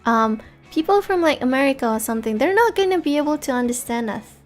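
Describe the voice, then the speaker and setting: A woman's voice: sits high, expressive, fast talker, soft background music. A young woman from Singapore with a light Singaporean English accent, chatting casually on a stream, giggly and full of fillers and restarts. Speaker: VTuber streamer.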